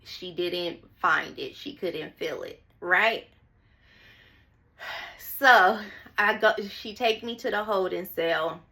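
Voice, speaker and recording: A woman's voice: lowish voice, slow pace, long pauses, sharp tone. A young woman telling a personal story to her viewers in a chatty, dramatic way, often repeating phrases and calling them y'all. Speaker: storytime vlogger.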